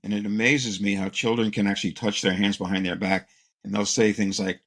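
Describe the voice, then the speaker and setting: Gravelly-voiced man telling stories. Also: fairly low pitch, fairly quick. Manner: calm, explanatory, acts out quotes. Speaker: child psychologist guest. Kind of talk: interview answer, anecdotal storytelling.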